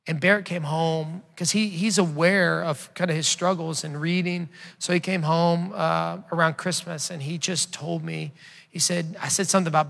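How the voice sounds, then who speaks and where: A man's voice: on the high side, a little fast, creaky, a bit bright. A man in his thirties preaching a sermon, talking to the congregation in a conversational way and telling stories with quoted dialogue. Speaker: pastor. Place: church sanctuary. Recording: long hall reverb.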